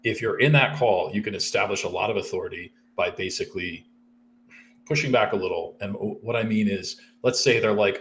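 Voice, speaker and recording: A man's voice: lowish voice, brisk, slight background noise. A man recruiter explaining sales calls casually, often acting out client calls in quoted voices. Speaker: recruiter, co-host.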